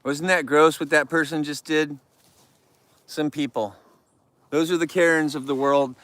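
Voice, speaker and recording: A man's voice: on the high side, fairly even intonation, unhurried, a bit bright, no echo. A man live-streaming outdoors near bears, ranting about rude viewers and scolding the animals in a rambling chat.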